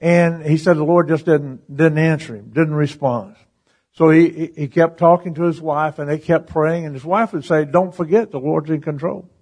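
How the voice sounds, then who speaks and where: Preaching a sermon through a story, a man with a slightly high voice speaks at normal speed. He's animated, chuckling between lines while acting out the voices.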